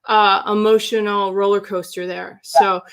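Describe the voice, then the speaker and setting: On a livestream, a woman gives a human design reading in a casual, chatty way. Her mid-range voice is clear and resonant, a little slow, with little pitch movement, and her warm, affirming delivery meanders and often restarts.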